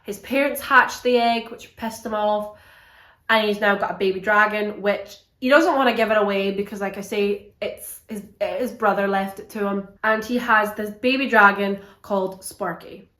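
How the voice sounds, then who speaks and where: A young woman giving a casual, animated book review, swearing a lot and sounding exasperated. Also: mid-range voice, normal speed, roomy sound.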